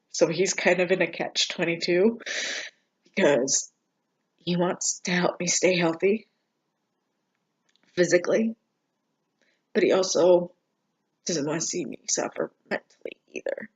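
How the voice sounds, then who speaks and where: A vlogger giving a casual personal video update, talking in a subdued, halting way with many pauses and fillers. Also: mid-range voice, fairly even intonation, breathy edge. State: struggling emotionally, near tears.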